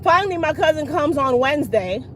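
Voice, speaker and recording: Brisk and high-voiced, a middle-aged woman who vlogs and hosts a channel relays a long story to viewers in a casual way, with a faint hiss or hum underneath. She's animated and gives voice to the other people in the story.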